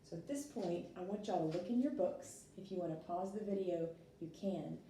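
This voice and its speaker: A woman's voice: on the low side, normal speed, dark tone. Woman teaching in an echoey room. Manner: patient, explains step by step with fillers. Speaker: French teacher. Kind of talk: recorded classroom lesson. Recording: echoey room, distant mic, faint noise.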